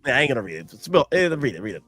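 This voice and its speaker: A man hosting a casual stream chat who talks in an excitable, rambling way and laughs often. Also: medium pitch, rapid-fire, no echo, soft background music. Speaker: streamer host.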